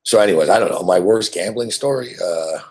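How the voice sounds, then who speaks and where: A man's voice: lowish voice, a little fast, darkish tone, breathy edge. A man from Montreal, hosting and telling a rambling, profane story that keeps repeating itself. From Montreal, Canada. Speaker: host.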